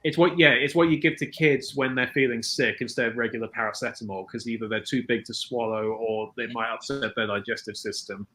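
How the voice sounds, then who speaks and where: A man's voice: medium pitch, fairly even intonation, brisk, hardly any pauses, bright, forceful tone, a little hiss or hum, low-quality recording. A man in his thirties chatting casually as co-host, laughing often and using many fillers. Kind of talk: casual chat recapping a show.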